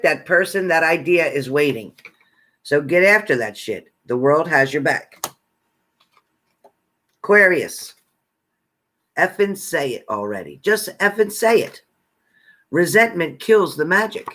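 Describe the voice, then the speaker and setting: A fairly high-voiced man reading psychic messages sign by sign. He talks bluntly and bossily, repeating his orders and swearing freely as tough love. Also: sing-song, a little slow, pauses often, sharp tone. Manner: profane, repetitive, bossy tough-love commands. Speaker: psychic card reader.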